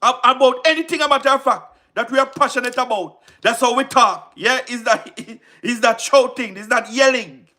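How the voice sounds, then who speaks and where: High, bright-voiced Jamaican man ranting. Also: moderate pace. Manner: emphatic and repetitive, frequent rhetorical questions, laughs between points. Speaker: political commentator on a livestream. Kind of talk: passionate livestream commentary.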